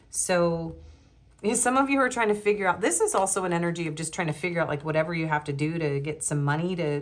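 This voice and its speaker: A woman with a fairly low voice chats her way through a pick-a-card tarot reading. She rambles, giggles often and leans on fillers as she goes. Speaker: tarot reader.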